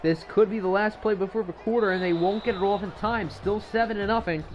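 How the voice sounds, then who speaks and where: A man's voice: high-pitched, a little fast, highs cut off, a little hiss or hum. A man casually commentating a video game football league on a live stream, rambling into chatty asides between plays.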